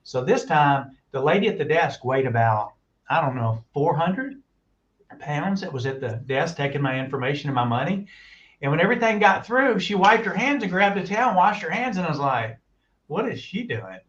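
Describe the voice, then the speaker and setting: Lo-fi animated storyteller man. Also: on the high side, brisk. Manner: animated storyteller, acts out quoted voices. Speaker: guest on a talk stream. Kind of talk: casual storytelling. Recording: muffled lo-fi audio.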